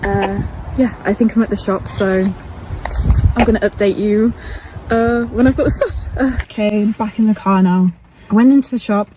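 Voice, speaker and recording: A woman's voice: mid-range voice, moderate pace, noisy background. A young woman telling a story in a casual, rambling vlog, talking from a car and filling her speech with "like". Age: young adult. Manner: rambling, many "like" fillers.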